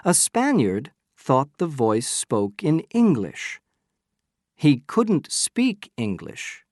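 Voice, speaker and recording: Picture a sharp-minded detective, read by a man in an audiobook, laying out his reasoning in a slow, patient way. He leans hard on key words, and his pitch rises and falls in a lively way. The sound is close and dry. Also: no room sound. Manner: patient, emphatic, probing questions. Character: sharp-minded male detective explaining deductions. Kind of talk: scripted audiobook reading.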